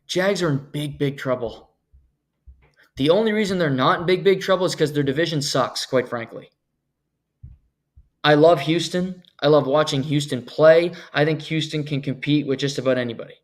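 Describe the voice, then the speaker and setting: A man ranting on his own sports podcast, blunt and sarcastic. His voice sits a little high for a man, and he punches certain words with sudden emphasis. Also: moderate pace. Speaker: podcast host. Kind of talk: solo sports podcast rant.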